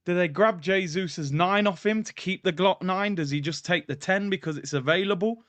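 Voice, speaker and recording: A man's voice: sits high, normal speed, fairly bright tone, dry recording. A man hosting a casual football livestream, hyped, slangy and jokey. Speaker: football channel host. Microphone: streaming mic.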